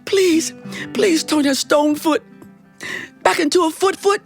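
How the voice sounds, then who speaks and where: A woman's voice: extremely high pitch, a little slow, soft background music, voice pushed up. Woman voicing a sweet, pleading peasant girl. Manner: pleading, sweet, politely begging. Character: kind, polite, plain young peasant girl.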